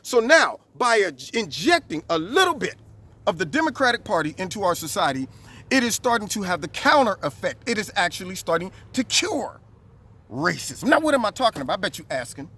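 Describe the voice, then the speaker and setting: Vlog host, high-pitched man, animated and preachy monologue outdoors. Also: brisk, slightly rough. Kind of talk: political commentary monologue. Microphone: camera recording himself.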